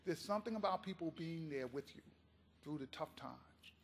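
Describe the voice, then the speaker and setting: A man giving a keynote speech, telling a story in an impassioned, animated way. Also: on the high side, moderate pace, creaky, long reverb tail. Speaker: keynote speaker.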